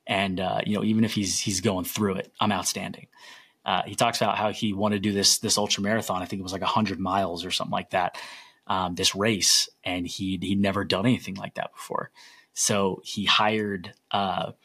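A man's voice: deep voice, flat delivery, brisk, fairly bright tone, breathy edge. A young man hosting a solo podcast, telling stories in an earnest, rambling way. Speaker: podcast host.

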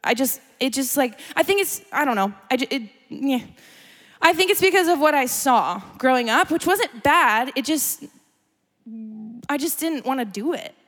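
A young woman tells a sermon as a lively personal story, chatty and quick to laugh. Her voice sits high. It rings out with a long reverb from a large hall. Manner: chatty, animated, laughs often. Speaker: speaker. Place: church gathering hall.

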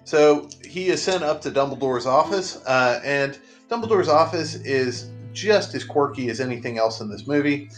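A man's voice: medium pitch, lively intonation, normal speed, hardly any pauses. A man with a mid-range voice recaps a film in a loose, comedic way and keeps dropping sarcastic asides. Faint guitar music sits underneath his talk. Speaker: podcast host recapping a movie.

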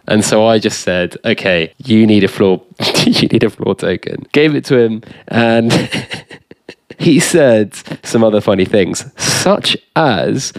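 A man hosting a casual podcast, relaxed and jokey, drawing out his phrases. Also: fairly low pitch, takes it slowly, dry recording. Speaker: podcast host.

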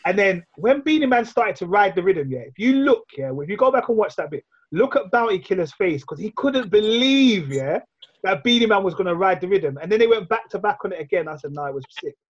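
Animated lad hosting. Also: male voice, high voice, brisk, highs cut off. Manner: animated storytelling, London slang. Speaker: podcast host. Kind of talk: casual chat.

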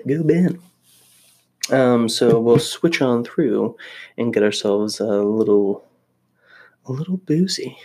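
A man's voice: lowish voice, vocal fry. Rambling young man vlogging casually. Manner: rambling, self-deprecating, many restarts. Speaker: vlogger living in Japan. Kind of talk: casual chat to camera.

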